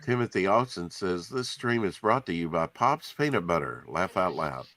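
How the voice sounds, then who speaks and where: A man hosting a casual stream, relaxed and teasing, rambling as he talks. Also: low voice, moderate pace, no echo. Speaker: host.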